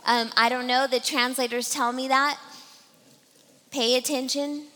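A woman preaching a sermon to a live congregation, talking fast and addressing the listeners directly. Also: on the high side, sharp tone, slight background noise. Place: church hall with a live congregation. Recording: long hall reverb.

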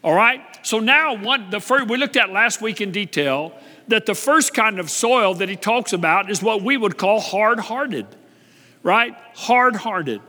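A man's voice: sits high, expressive, a little slow, sharp tone. A man preaching a sermon as pastor, repeating his key phrases and asking the congregation to answer him. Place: church. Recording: long hall reverb.

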